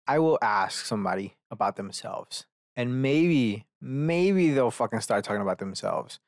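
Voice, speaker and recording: A man's voice: mid-range voice, lively intonation, a little slow, gravelly, no echo, clean studio sound. Rambling, profane man hosting a solo podcast. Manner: rambling and profane, self-mocking asides. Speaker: podcast host.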